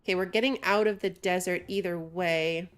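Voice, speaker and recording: A woman's voice: lowish voice, fairly even intonation, normal speed, clear, resonant tone. Chatty woman streaming a game. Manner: chatty, reads chat aloud, laughs often. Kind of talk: casual gameplay commentary.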